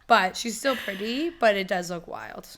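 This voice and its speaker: A woman's voice: mid-range voice, normal speed, a bit bright, a little hiss or hum. A woman in her twenties co-hosting a podcast, blunt and joking, swearing freely in casual chat. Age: 20s. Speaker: podcast co-host.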